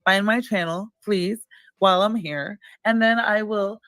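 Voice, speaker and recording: A woman's voice: medium pitch, a little slow, a bit bright, no room sound. A woman bantering on a live stream, giggling often and talking crude and playful. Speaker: stream guest.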